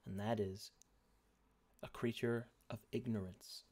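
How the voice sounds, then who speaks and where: A man acting as dungeon master, narrating a tabletop game in a slow, solemn way. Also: on the low side, steady tone, darkish tone.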